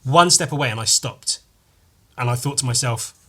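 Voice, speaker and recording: A man with a bright, forceful voice and a middling pitch hosts his own comedy podcast. He rambles through a story, keeps backtracking and correcting himself, and tosses in crude asides along the way. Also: normal speed, slightly rough. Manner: meandering, self-correcting, crude jokes. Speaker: podcast host.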